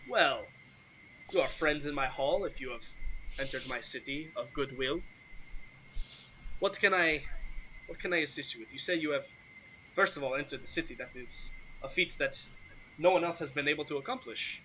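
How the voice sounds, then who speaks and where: A man voicing a courteous older nobleman who speaks in a formal, measured way. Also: on the high side, bright, forceful tone, a little hiss or hum, rough recording. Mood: welcoming.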